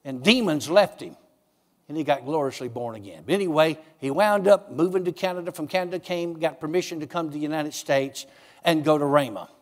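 A man preaching a sermon, telling stories and acting out his own dialogue with God in a raised, lively voice. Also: fairly high pitch, a little fast, big-room sound. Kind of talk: sermon with storytelling.

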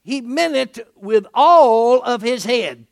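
A middle-aged man preaching a lively sermon in a folksy way. He laughs often, asks his listeners "isn't that right?" and acts out the people in the passage he is reading. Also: very high-pitched, slow, vocal fry. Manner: animated, folksy, laughing often, acting out quotes.

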